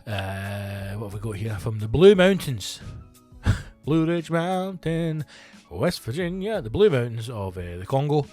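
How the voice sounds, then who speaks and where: A Scottish comedian talks through a loose, profane solo podcast monologue, wandering off on asides and filling gaps with ums. His voice sits in an ordinary middle pitch. Faint music runs quietly under the talk. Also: big pitch swings, unhurried. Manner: chatty and profane, rambling with fillers and asides.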